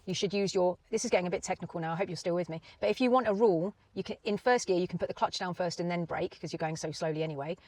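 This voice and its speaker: A woman's voice: lowish voice, rapid-fire, hardly any pauses, rough recording. Chatty woman explaining driving. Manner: chatty, animated, lots of tag questions like "right?" and "yeah?". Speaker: driving instructor. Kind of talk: explanatory teaching talk.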